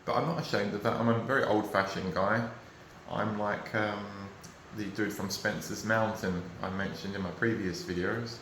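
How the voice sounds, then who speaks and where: Australian man, low-pitched, rambling and frustrated personal vlog, roomy echo with faint ambience behind. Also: fairly even intonation, moderate pace, fairly bright tone, slight background noise. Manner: rambling, frustrated, emotional, swears. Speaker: vlogger. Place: at home, indoors.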